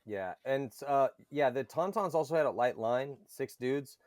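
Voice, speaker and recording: Man, casual podcast chat, animated storyteller, mid pitch, dry close sound. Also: a little slow, no room sound. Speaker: paintball commentator guest.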